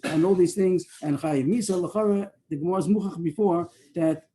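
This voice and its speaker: Fast-talking man leading a Talmud class. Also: high voice, dark tone. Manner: rambling, halting explanation with many fillers and restarts. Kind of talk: Talmud study class on a video call. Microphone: video call.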